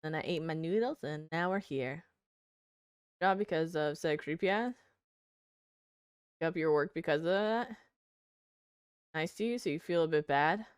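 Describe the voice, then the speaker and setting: A woman's voice: deep voice, normal speed, long pauses, smooth, no echo, clean studio sound. A young woman streamer chatting casually with her viewers while gaming, reading their messages aloud and swearing freely.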